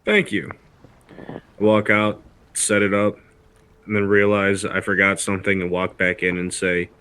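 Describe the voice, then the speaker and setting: A man playing a tabletop game, describing his character's actions in slow, dry in-character talk. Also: on the low side, monotone, pushed and bright, clean tone. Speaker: player. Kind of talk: tabletop role-play.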